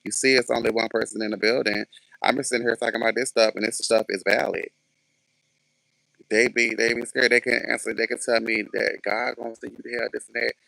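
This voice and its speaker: A man's voice: medium pitch, level tone, a little fast, vocal fry, pushed and bright, no echo. A man ranting casually to camera in a sassy, sarcastic way, swearing freely. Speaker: vlogger.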